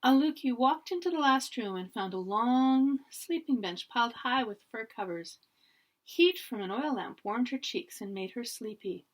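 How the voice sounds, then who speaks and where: A woman teacher reading a children's storybook aloud in an expressive way. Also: on the high side, normal speed.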